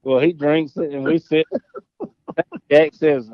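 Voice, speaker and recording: A man with a Southern accent tells a loud, swearing story between laughs. His voice sits a little high. The sound is dry and somewhat dull, like close podcast audio. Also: fairly even intonation, slow pace, dry recording. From Florida. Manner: profane, laughing, drawling yarn-spinner. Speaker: podcast guest, golfer. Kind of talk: casual storytelling.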